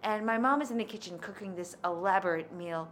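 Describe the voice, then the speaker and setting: A woman's voice: medium pitch, brisk, slight background noise. A woman telling a personal story in a conversational, candid way. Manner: conversational, candid, lively in quoted speech.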